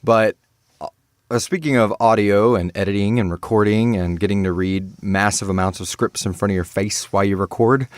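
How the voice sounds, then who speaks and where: Halting low-voiced male podcast host. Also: fairly even intonation, no room sound, studio quality. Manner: rambling, halting, many restarts and praise. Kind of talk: casual interview chat.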